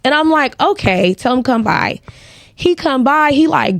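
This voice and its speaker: Woman, fairly high voice, animated storytelling, acts out quotes, dry close sound. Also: measured pace, vocal fry, no room sound. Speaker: guest, credit repair business owner. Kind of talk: casual storytelling in a podcast interview.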